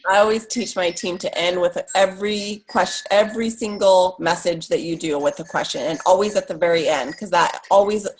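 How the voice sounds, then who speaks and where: A woman's voice: fairly low pitch, steady tone, fairly quick, hardly any pauses, rough recording. A woman team leader giving earnest, direct advice on a call. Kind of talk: casual advice.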